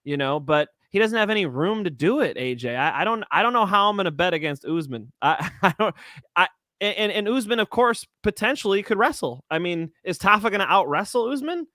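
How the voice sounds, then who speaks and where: A man co-hosting a casual sports betting chat, rambling and animated, swearing often and tripping over his words. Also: high-pitched, brisk, dry recording, studio quality. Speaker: co-host of a fight betting show.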